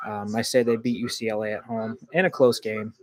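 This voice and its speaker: A man hosting a livestream football reaction, excitable and quick to get indignant at calls, loose and rambling with many ums. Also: fairly low pitch. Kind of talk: live football reaction commentary.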